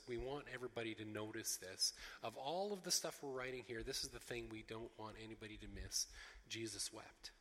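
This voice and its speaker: A man preaching a sermon as pastor, expressive, acting out the voices of the people in the story, with frequent restarts. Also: mid-range voice. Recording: long reverb of a large hall.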